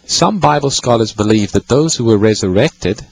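A man's voice: mid-range voice, lively intonation, normal speed, darkish tone, husky, poor audio. A man hosting a call-in radio show, patiently explaining Bible passages to callers. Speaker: radio Bible-teaching host.

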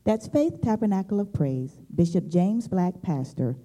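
A woman reading a scripted radio announcement about service times in a measured, informative way. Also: medium pitch, expressive, mellow, poor audio.

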